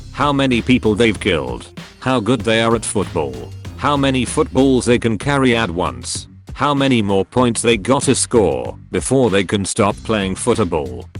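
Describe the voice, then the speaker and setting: A man with a lowish voice reads out a string of funny posts, his delivery bouncing up and down with animated intonation. Faint music plays underneath. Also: unhurried. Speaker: narrator reading funny posts. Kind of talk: read-aloud comedic narration.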